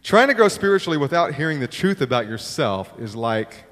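A man's voice: on the high side, big pitch swings, brisk, fairly bright tone. A middle-aged man preaching a sermon, telling stories with self-deprecating humor and acting out the quotes. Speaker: pastor. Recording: long reverb of a large hall.

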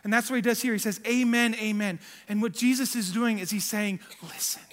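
A man's voice: high-pitched, fast. A man preaching a conversational sermon to his congregation, informal and emphatic, with frequent restarts and questions to the room. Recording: long reverb of a large hall.

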